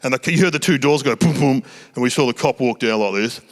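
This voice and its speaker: A middle-aged Australian man doing stand-up comedy, telling chatty, self-mocking stories on a theatre stage. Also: medium pitch. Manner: chatty, self-mocking anecdotes with quick voiced asides. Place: small theatre stage before a live audience.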